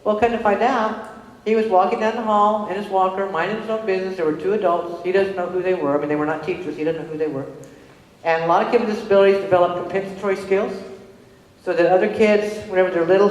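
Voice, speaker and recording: Middle-aged woman speaker, lively storyteller who acts out each quote, echoey hall sound. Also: lowish voice. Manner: animated, acts out dialogue in quoted voices. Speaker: speaker on disability inclusion. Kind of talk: storytelling presentation.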